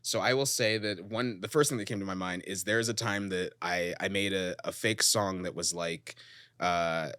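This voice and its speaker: A man, a comedian guest on a podcast, telling stories quickly and acting out quotes in a casual chat. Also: low-pitched, clean tone, no room sound. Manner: fast, animated storytelling with acted-out quotes.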